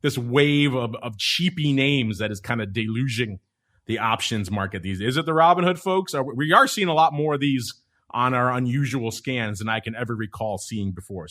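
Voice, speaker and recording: A man's voice: medium pitch, fairly bright tone. A man hosts a podcast in easy, casual chat. He teases his co-hosts with a playful edge. His voice sits in the middle range. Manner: playful, teasing. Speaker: podcast host.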